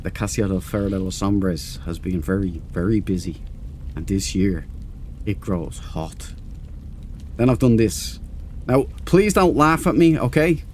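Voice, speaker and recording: A man's voice: on the low side, expressive, unhurried, darkish tone, a little hiss or hum. A man hosting a casual game stream, chatty and self-mocking, greeting viewers in chat by name. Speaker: gaming livestream host.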